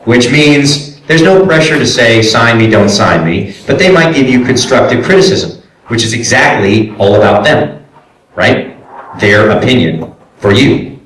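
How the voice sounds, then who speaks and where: A man and voice actor giving a convention panel talk, animated and acting out quoted directors and clients. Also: medium pitch, a little slow, a little hiss or hum. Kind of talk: casual panel talk with audience questions. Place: convention hall. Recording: echoey hall, voice picked up from far off.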